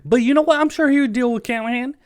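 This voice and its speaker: A man hosting a fan sports podcast, talking in an excitable, emotional, pleading rant. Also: extremely high pitch, fast, clear, resonant tone, dry recording, studio quality. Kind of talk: solo fan podcast commentary.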